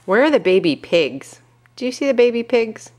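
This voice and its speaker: A young woman reading a picture book aloud to her toddler at home, gently asking questions and coaxing with little animal noises. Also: fairly high pitch, big pitch swings, normal speed.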